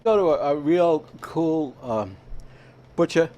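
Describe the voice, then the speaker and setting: Man, somewhat high voice, chatty cooking host, rambling, faint background noise. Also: expressive, slow pace, warm tone. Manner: chatty, rambling, frequent "all right?" check-ins. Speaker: home cooking show host. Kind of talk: casual cooking demonstration. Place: kitchen at a veterans' hall.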